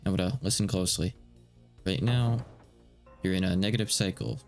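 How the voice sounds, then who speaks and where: A man voicing a steady male police negotiator who gives slow, soothing instructions while translating a game live. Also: sits low, soft background music. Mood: urging.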